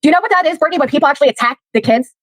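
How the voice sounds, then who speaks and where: Angry philly woman ranting on stream, loud and abrasive, a bit high. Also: rapid-fire, dry recording. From Philadelphia, USA. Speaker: livestreamer. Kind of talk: angry livestream rant.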